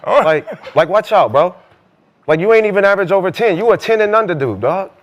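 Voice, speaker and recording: A man on a podcast couch who talks fast and fires off trash talk in quick, repetitive bursts. His voice sits a little high for a man, and he leans on the same fillers again and again. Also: lively intonation. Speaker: podcast co-host, former basketball player. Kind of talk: heated casual podcast banter.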